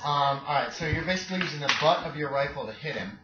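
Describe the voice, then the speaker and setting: A man narrating as game master in a casual, halting way with many fillers. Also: a little high, lively intonation, over a noisy crowd. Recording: echoey, dull home recording with background noise.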